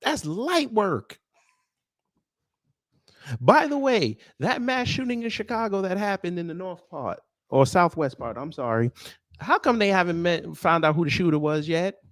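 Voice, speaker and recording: A man hosts a live stream and fires back at his chat with mocking sarcasm. His voice sits fairly high and leaps up and down in pitch. The sound is close and dry. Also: lively intonation, unhurried, fairly bright tone, no echo. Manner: sarcastic, mocking, confrontational toward commenters. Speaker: host of a news commentary livestream.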